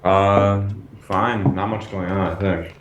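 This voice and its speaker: Laid-back male co-host, very slow delivery, roomy echo on his mic. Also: level tone, muffled recording. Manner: slow, low-key, trailing off. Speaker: podcast co-host. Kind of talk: casual podcast chat. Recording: echoey room with faint hiss.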